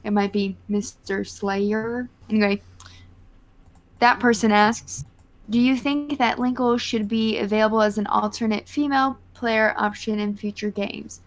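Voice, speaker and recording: A woman's voice: a little high, rough recording. A woman with a Southern US accent, chatting casually as a co-host on a livestream podcast and reading out lists of names.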